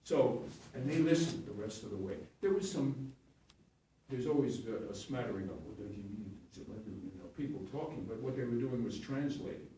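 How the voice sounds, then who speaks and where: An older stage actor in his seventies recounts his early career in a lively, up-and-down voice, chuckling and breaking off to correct himself. He is recorded from some distance in a roomy, echoey space with a faint hum of ambience behind him. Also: mid-range voice, moderate pace. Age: 70s. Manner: rambling, chuckling, self-correcting. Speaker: stage actor and acting teacher. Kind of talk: anecdotal interview storytelling. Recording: echoey room, distant mic.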